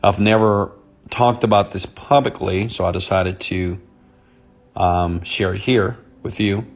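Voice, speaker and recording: A man speaking softly and intimately on a live stream, greeting viewers by name as a motivational speaker. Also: low-pitched, fairly even intonation, measured pace. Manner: soft, intimate on purpose; chatty, greets commenters by name.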